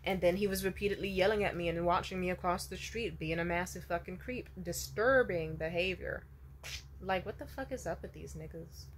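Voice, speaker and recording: A young woman speaks in a casual, candid vlog monologue. She is blunt and swears freely. Her level swings from loud, emphatic bursts to low, dry asides. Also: a little fast, a little hiss or hum. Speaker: vlogger.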